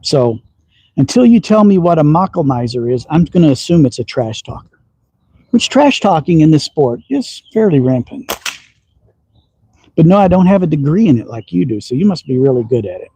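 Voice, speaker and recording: A Texas man with a slight Southern accent hosts a casual slingshot livestream from his outdoor backyard shooting range, chatting in a folksy, teasing way and chuckling often as he shoots. His voice runs on the high side with big pitch swings, a moderate pace, and a mellow, breathy edge. The audio is poor, with no room sound.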